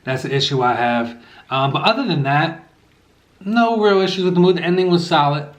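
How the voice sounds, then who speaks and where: A man's voice: a little high, animated, fairly quick. A man vlogging a casual movie review while eating, rambling with many fillers and self-corrections. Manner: eating between remarks. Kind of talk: casual chat. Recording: echoey room.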